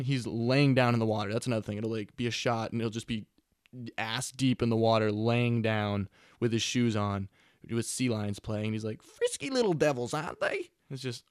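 A man's voice: lowish voice, clean tone, no room sound. A man in his twenties rambling through a casual, profane podcast monologue on a close mic. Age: 20s. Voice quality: profane, laid-back and chatty. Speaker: podcast host. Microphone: close studio mic.

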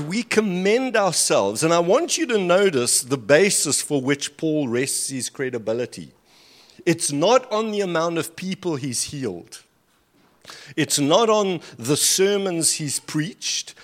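Animated male preacher with wry asides. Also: a little high. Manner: animated, with dry asides and sarcasm. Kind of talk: sermon with scripture reading. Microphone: handheld or stand mic at a lectern.

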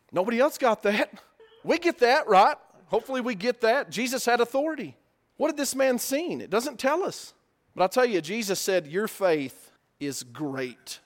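Guy preaching, pretty high voice, lots of questions, gets loud then real quiet. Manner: animated, rhetorical questions, swings between loud and hushed. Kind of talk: sermon.

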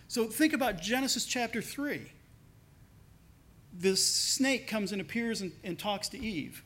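A man with a notably high-pitched voice delivers a sermon in a relaxed, conversational manner. He slips into lower tones when he acts out the people he quotes. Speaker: pastor.

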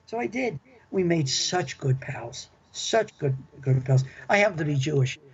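Unhurried and expressive, the slightly high, somewhat rough voice belongs to an older ex-club manager being interviewed. He tells lively, talkative stories of his working life, circling back to repeat himself, over a dull lo-fi recording.

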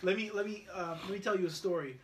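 High-pitched guy telling a story on a podcast, acts out the other people's lines, chill chat. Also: quick pace, slight background noise. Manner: animated storyteller, acts out his son's lines. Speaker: podcast co-host. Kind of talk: casual chat.

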